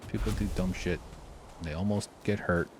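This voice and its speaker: A man telling a rambling story while playing a game, swearing freely and doing loud impressions. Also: sits low, fairly even intonation, normal speed, background noise. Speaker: streamer. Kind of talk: casual gameplay commentary. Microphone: desk mic with face cam.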